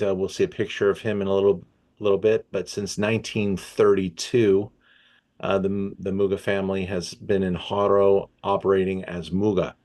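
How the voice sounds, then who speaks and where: Hosting an educational wine session, this wine shop man speaks in a low, slightly mellow voice. He's easygoing and hesitant, with lots of ums and uhs.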